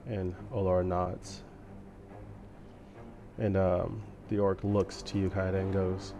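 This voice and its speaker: A man runs a tabletop game as game master, narrating in a relaxed and hesitant way. His voice sits low. Clear music plays behind him. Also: slow, pauses often.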